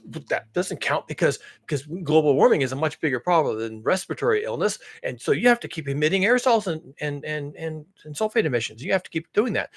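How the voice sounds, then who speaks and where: A husky-voiced man delivers sarcastic commentary with a fairly high, very lively pitch that jumps between mock horror and quiet grumbling. He rambles and corrects himself as he goes. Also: quick pace, hardly any pauses. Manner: sarcastic, mock-alarmed outbursts between low mutters. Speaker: climate commentary channel host.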